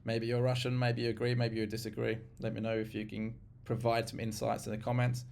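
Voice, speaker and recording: A man's voice: medium pitch, completely flat delivery, brisk, vocal fry, darkish tone. A man hosting casual commentary, frank and opinionated, speaking straight to viewers. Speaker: host.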